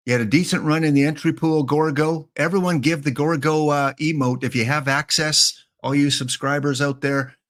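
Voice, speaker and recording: A man's voice: a little high, steady tone, moderate pace, few pauses, fairly bright tone. A Canadian man in his fifties, a game streamer chatting casually and jokily with his viewers. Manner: rambling, jokey, talks to chat. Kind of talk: casual live-stream chat.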